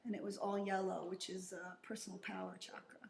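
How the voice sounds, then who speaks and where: A woman's voice: medium pitch, flat delivery, fairly quick, gravelly, slight background noise. Chatty woman co-hosting in an echoey bar. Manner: chatty, laughs often, upbeat. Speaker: podcast co-host. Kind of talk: casual chat. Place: back room of a bar. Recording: echoey room with faint ambience.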